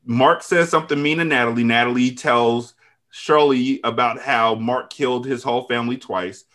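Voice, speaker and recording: A man hosting a podcast, recapping an episode in a casual, profane, storytelling way with quick asides. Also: mid-range voice, fairly even intonation, fairly bright tone. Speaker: podcast host.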